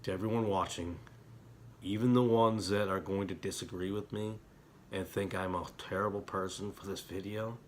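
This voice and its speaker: A middle-aged man talking as an internet preacher, heated and emotional in places, quiet and somber in others. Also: low-pitched, fairly even intonation, normal speed, slight background noise. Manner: heated, talks with rising emotion and repeated apologies; quiet and somber when reflecting. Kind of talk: impassioned religious commentary.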